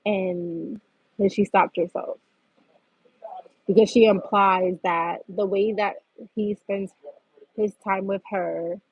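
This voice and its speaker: A woman's voice: medium pitch, fairly even intonation, takes it slowly, long pauses, breathy edge, no room sound, dull audio. A woman hosting a livestream, venting bluntly and profanely in a heated rant. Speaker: livestream host.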